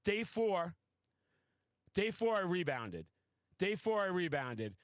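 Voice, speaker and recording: A high-pitched man hosts a casual podcast chat, talking in an excitable, boastful rush and swearing freely. His voice is recorded dry and close, with no room sound around it. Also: slow, no echo. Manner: excitable, boastful, profane storytelling. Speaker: podcast host.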